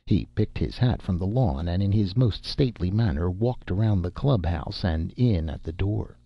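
Man narrating an audiobook, gravelly, dull lo-fi sound. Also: sits low, no room sound. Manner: steady, measured storytelling.

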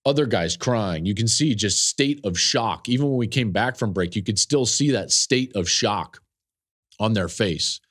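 A man's voice: lowish voice, lively intonation, measured pace, a bit bright, husky. A male podcast host telling a personal story in an earnest, openly emotional way. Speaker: podcast host, football analyst.

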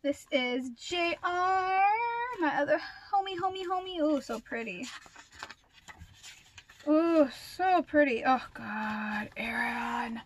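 A young woman vlogger chatting casually through an unboxing, gushing and excitable with lots of gasps and fillers. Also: high-pitched, slow pace, breathy edge.

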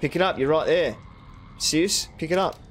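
A young man with a fairly high voice rants and swears his way through a horror game. He talks loosely to the screen, jumping into loud excited outbursts. A faint noise hums under the recording. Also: moderate pace. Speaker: gaming streamer. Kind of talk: let's play commentary.

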